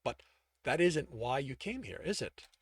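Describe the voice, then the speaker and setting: A man voicing a calm, patient male mentor who speaks quietly and low. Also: unhurried, slightly rough, dry recording, studio quality, heavily acted.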